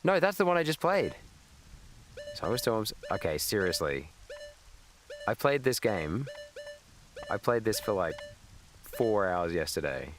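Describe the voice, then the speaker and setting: A man's voice: lowish voice, sing-song, unhurried, pauses often, slight background noise. An Australian man in his thirties chatting casually while streaming a game, swearing and answering his chat. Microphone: webcam. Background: video game music.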